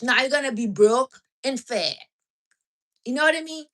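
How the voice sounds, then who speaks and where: A livestream host chats casually in a high-pitched, bright, forceful voice at normal speed. Blunt and teasing, she hands out advice using non-native grammar.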